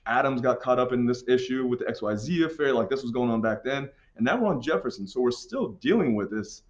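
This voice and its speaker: A man's voice: mid-range voice, expressive, fast, dull audio. Casual man teaching a history lesson. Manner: casual, joking, puts on silly accents for countries. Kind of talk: classroom lesson walkthrough.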